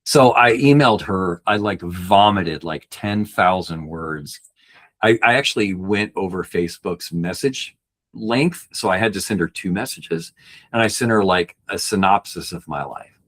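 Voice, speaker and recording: A man's voice: sits low, unhurried, a bit bright. A man working as a backpacking guide and coach, telling a personal story on a podcast in a rambling way, with many restarts and fillers.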